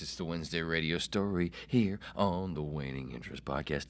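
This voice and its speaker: A man in his forties hosting a solo comedy podcast, brash and self-mocking, swearing freely and swinging between loud bursts and whispers. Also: a bass voice, moderate pace. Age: 40s. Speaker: podcast host.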